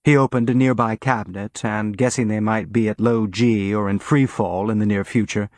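A man narrating an audiobook in a steady, even reading voice on a close mic. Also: on the low side, dry recording. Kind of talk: scripted narration.

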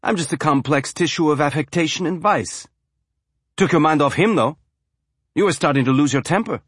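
A man's voice: on the high side, moderate pace, slightly rough, no room sound, pitched above the performer's own voice. Cocky, playful young officer, dry close sound; male narrator performs him. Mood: teasing.

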